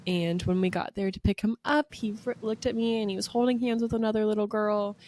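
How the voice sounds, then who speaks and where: A woman's voice: mid-range voice, steady tone, fairly quick, a little mellow. Chatty woman co-hosting a podcast. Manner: chatty, emotional storytelling with many fillers. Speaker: podcast co-host. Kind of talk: casual podcast chat.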